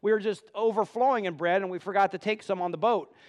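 A man's voice: high voice, fast, in a large hall, natural voice. A man voicing a flustered, forgetful male disciple in a light, bickering tone while retelling a Bible story.

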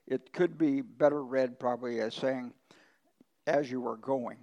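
A man's voice: mid-range voice, steady tone, unhurried, a little mellow, lo-fi sound. A male pastor preaching a conversational sermon, telling folksy ranch stories with emphatic swings in his voice.

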